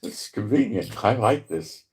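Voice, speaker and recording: Slow, deep-voiced man with a New York accent. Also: wildly swooping pitch, husky. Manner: rambling, chuckles often, reads verses slowly and deliberately. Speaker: Bible prophecy channel host. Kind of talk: casual commentary with scripture reading. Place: home in Israel.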